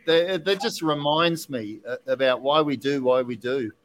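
A man hosting a podcast, telling an animated story casually with many restarts and asides. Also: mid-range voice, moderate pace, slight background noise, low-quality recording. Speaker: podcast host, whiskey distiller.

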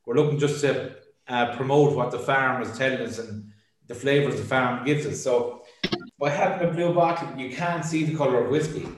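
A man's voice: mid-range voice, normal speed, background noise. Irish man in a very echoey room. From Ireland. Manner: hedging, filler-heavy, often says "I suppose". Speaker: distillery representative. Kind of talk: casual interview chat.

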